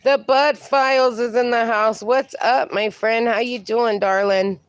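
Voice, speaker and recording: A woman's voice: fairly high pitch, steady tone, unhurried, dry recording. A woman hosting a casual livestream, reading viewer comments aloud and cooing at her dogs, a little sniffly from allergies. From USA. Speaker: livestream host.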